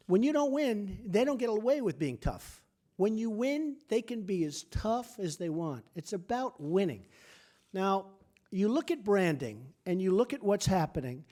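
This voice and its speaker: A man with a high voice and darkish tone addresses a press club luncheon hall from a podium microphone as a guest speaker. He tells his speech as casual anecdotes, boasting and repeating himself in short, punchy phrases.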